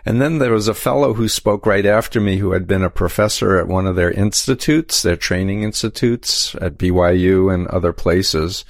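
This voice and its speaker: A man talking as an interview guest, explaining at length in a measured way with frequent restarts. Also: sits low, no room sound, clean studio sound. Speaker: guest, cult expert. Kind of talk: conversational interview.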